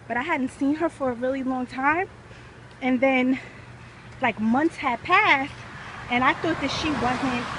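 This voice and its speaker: A woman's voice: high voice, fairly bright tone, a little hiss or hum. A woman vlogging while she walks outdoors, a little out of breath, talking passionately and rambling with lots of fillers. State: a little out of breath from walking uphill. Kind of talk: casual vlog talk. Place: outdoors, walking in hot weather.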